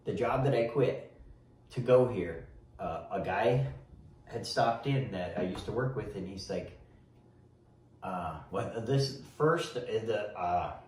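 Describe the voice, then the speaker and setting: A man's voice: lowish voice, expressive, slow pace, pauses often, darkish tone, a little hiss or hum. Folksy man telling his story, echoey. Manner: rambling, folksy, restarts often. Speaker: interview guest giving testimony. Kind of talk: casual storytelling. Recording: echoey room, mic at a distance.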